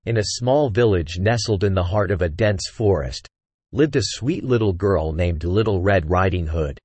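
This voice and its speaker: Brief: male fairy-tale narrator, low and husky, dry close sound. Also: a little mellow, no room sound. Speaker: storyteller.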